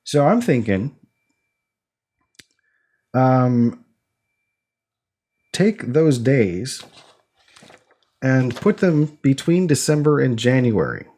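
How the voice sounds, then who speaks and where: A young man on a casual podcast, working through an idea out loud with plenty of restarts and fillers. He fires quick quiz questions at his co-host and keeps a middle-pitched voice. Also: very animated. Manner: rambling, full of restarts and fillers.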